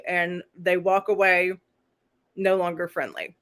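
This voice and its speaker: A woman's voice: lowish voice, fairly even intonation, measured pace, bright, forceful tone. Chatty woman rambling through a recap. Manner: chatty, rambling, laughing asides. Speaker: host. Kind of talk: casual live-stream recap.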